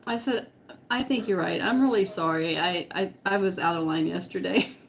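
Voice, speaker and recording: A woman's voice: fairly low pitch, moderate pace, vocal fry, slight background noise. A middle-aged woman vlogger telling a story to her live chat, laughing often and eating as she talks. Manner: giggly, laughs often while talking; eating while talking.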